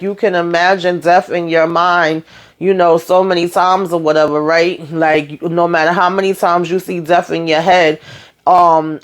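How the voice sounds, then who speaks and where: A woman hosting her own channel, casually recapping a TV episode in a chatty, emphatic way, talking straight to her viewers. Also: on the low side. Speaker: TV show recap host.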